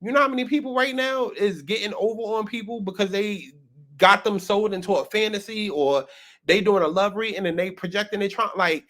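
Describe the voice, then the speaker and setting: A man's voice: sits high, fairly quick, a bit bright. A man hosting casual reaction commentary, talking in a sassy way, laughing often and repeating words for emphasis. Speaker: host.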